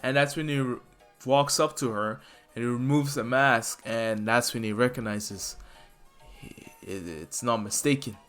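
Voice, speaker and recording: Guy rambling thru a fan story, mid pitch, faint lofi music behind. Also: a little slow, a bit bright. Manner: loose, rambling. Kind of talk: casual fan-fiction retelling.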